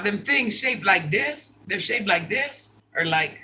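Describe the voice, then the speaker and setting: An older woman chatting casually on a live stream, laughing often and breaking into loud exclamations. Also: medium pitch, expressive, slow, rough recording. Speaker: livestreamer.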